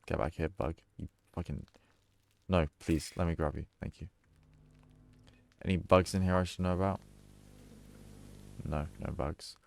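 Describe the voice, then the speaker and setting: A man's voice: sits low, fairly even intonation, measured pace, creaky, pauses often, slight background noise. A man streaming a horror game, joking and chatting casually with plenty of swearing. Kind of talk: gaming stream commentary.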